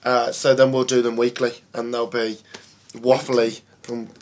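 A man's voice: mid-range voice, level tone, measured pace, a little hiss or hum. A man co-hosting a gaming podcast, chatting in a jokey, rambling way. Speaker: podcast co-host. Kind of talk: casual podcast chat.

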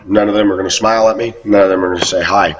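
A man's voice: low-pitched, steady tone, very fast, slight background noise. A man rambling through a monologue about his life, often quoting people in a raised voice. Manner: rambling, quotes others in raised voice. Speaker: video blogger. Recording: muffled, distant lo-fi recording.

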